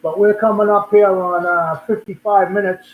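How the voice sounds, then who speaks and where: An older livestream host with a Boston accent chats casually at normal speed in a level tone, rambling and often repeating or restarting words. His voice is fairly high for a man, and the audio has a thin, phone-like quality with lots of room echo.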